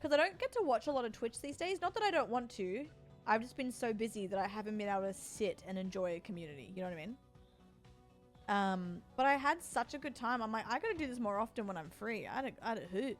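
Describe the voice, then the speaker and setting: A woman in her forties with an Australian accent and a fairly high voice chats casually with her stream viewers. She teases and jokes as she reads and answers chat. Soft music plays faintly behind her. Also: expressive, fast. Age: 40s. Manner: playful, teasing banter, answering chat.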